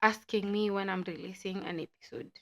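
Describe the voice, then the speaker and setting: Woman, Kenyan accent, podcast host, casual chat, playful, chatty, mid-pitched. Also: steady tone, fairly quick, creaky.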